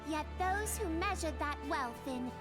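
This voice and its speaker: A woman's voice: sits high, expressive, a little slow. A woman voicing a young girl queen who gives a stately, formal address to her people. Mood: regal. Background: game music.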